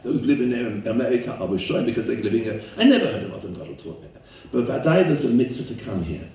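A man who lives in Israel tells stories in a sermon, speaking very fast in a lowish, warm, animated voice that leaps upward when he gets stirred up. The recording has a very echoey room and a distant mic.

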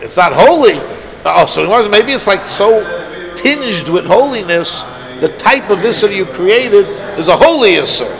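A man's voice: high-pitched, animated, measured pace, gravelly, crowd noise. A man giving a Talmud lecture to his students, arguing his points aloud with emphasis. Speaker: Talmud teacher. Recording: noisy class of listeners.

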